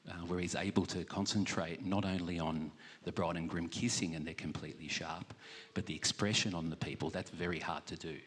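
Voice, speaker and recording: A man with an Australian accent critiquing a photo as a judge, measured and thoughtful with a few fillers. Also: sits low, steady tone, a bit bright, slightly rough. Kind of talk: panel critique. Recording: long hall reverb.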